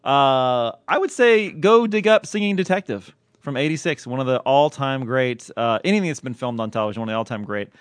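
A man's voice: mid-range voice, animated, brisk, dry recording. A man co-hosting a podcast in casual chat, laughing often. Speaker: podcast co-host.

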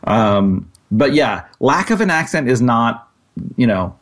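A man co-hosting a podcast who talks casually and in a halting way, restarting his sentences as he thinks aloud. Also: mid-range voice, big pitch swings. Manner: rambling, halting, many restarts. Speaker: podcast co-host.

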